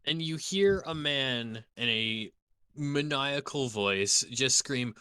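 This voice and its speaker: Slow, halting game master man. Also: mid-range voice, pushed and bright, clean tone, dry recording. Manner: halting, full of ums and self-corrections. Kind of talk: narrating a tabletop game.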